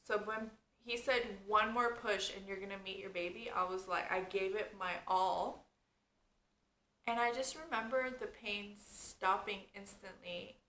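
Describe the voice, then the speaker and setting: In an echoey room with a little background noise, a young woman vlogs, chatting casually through a story and leaning constantly on "like" and "you guys." She's a young adult with a medium-pitched, sharp-toned voice.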